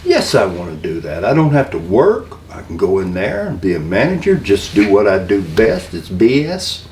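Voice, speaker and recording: An older man, a wrestling manager, telling stories in an interview, halting and rambling and acting out the voices of the people he quotes. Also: fairly low pitch, wildly swooping pitch, a little mellow. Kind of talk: storytelling interview. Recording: roomy room, mic a little far, faint noise.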